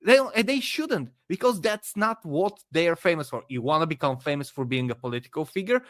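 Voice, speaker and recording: A man speaking as a podcast guest, giving forceful opinions with frequent hesitations. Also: on the high side, lively intonation, brisk, no echo. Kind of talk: casual online debate chat.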